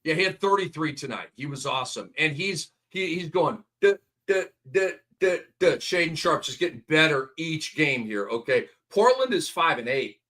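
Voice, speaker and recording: A man hosting a late-night fantasy basketball talk show, talking in an energetic, emphatic, ranting way. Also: on the high side, moderate pace, hardly any pauses. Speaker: host.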